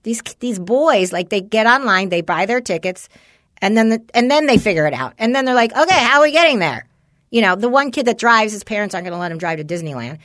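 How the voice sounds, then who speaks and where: A woman's voice: medium pitch, fast, dry recording, studio quality. A woman in her forties chatting casually with a friend, telling stories animatedly and swearing freely. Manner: animated storyteller, swears freely, acts out dialogue. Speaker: parent of a teenage son. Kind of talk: casual chat between friends.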